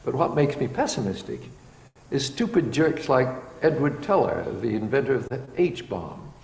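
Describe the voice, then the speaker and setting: A man's voice: medium pitch, very animated, moderate pace, gravelly, a little mellow. Blunt man in an echoey hall. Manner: blunt, impassioned, plainspoken. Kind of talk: recorded spoken talk. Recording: echoey hall with faint noise.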